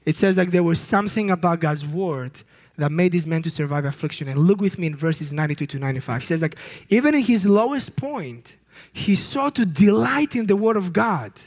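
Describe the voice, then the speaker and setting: A man's voice: sits high, animated, a little fast. A man preaching a sermon as a youth ministry director, earnest and emphatic, with occasional slips and restarts.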